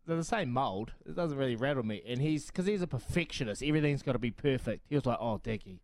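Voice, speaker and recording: A man's voice: medium pitch, animated, fast, a little mellow, dry recording. A man with a New Zealand accent hosting a radio sports show, joking around, laughing often and calling his guest mate. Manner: jokey, laughs often, says mate a lot. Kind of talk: casual radio banter. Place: radio studio.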